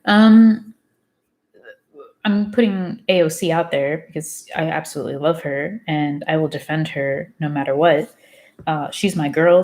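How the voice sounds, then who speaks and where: A woman's voice: sits low, darkish tone. A woman reading a self-help book aloud in a casual way, often stumbling over and rereading words and breaking off into candid side comments. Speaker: book reader.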